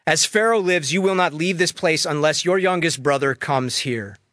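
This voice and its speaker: A man's voice: a little high, normal speed, a bit bright, no echo, studio quality, natural voice. A man voicing a stern, disguised governor who speaks harshly and accusingly.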